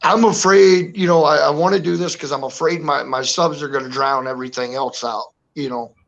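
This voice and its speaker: A man hosting a casual live-stream chat, rambling and filling every pause with "you know". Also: on the high side, fairly even intonation, creaky, highs cut off. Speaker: host.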